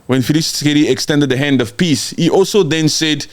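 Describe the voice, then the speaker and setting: A man's voice: on the high side, brisk. A man from Congo giving an impassioned, mocking political rant, repeating words for emphasis and answering viewer comments. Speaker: live-stream political commentator.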